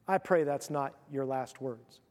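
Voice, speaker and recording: A male pastor preaching a sermon, telling the story with animated, acted-out voices. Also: mid-range voice, a little slow, in a large hall.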